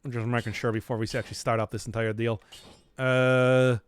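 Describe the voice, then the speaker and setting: A man's voice: mid-range voice, level tone, brisk, slight background noise. A young man streaming a game, rambling casually, laughing often and swearing. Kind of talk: casual live gameplay commentary.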